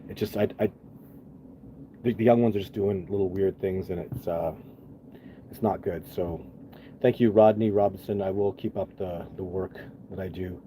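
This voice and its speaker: A man's voice: low voice, steady tone, normal speed, long pauses, mellow. A middle-aged man hosting a live stream, answering viewer questions in a rambling, earnest way with many restarts. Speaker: livestream host answering chat. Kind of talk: casual live chat. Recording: faint background noise.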